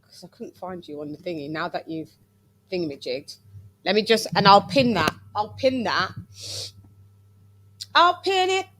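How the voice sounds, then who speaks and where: A woman's voice: mid-range voice, lively intonation, a little slow, pauses often, fairly bright tone, a little hiss or hum. A woman from England hosting a casual boxing chat livestream, playful and chatty, singing little jingles as she brings guests in. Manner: playful, sing-song intros, chatty asides. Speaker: livestream host.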